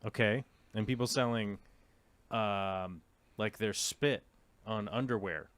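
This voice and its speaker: A man hosts a live talk show in a fairly low voice, explaining things at an easy pace. He often checks in with a quick "okay." The sound is dry, with no room echo. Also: fairly bright tone, clean tone. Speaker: host. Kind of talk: casual chat, explaining.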